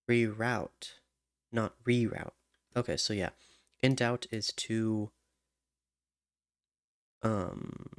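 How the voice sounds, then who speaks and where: A man writing song lyrics alone, muttering to himself, humming melodies and trying out rhymes, halting as he thinks. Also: on the low side, dry recording, studio quality. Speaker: songwriter.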